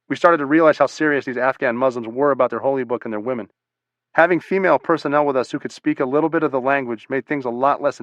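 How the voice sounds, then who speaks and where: Steady man reading a memoir. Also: mid-range voice, no room sound, highs cut off. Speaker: audiobook narrator. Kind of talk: first-person memoir narration.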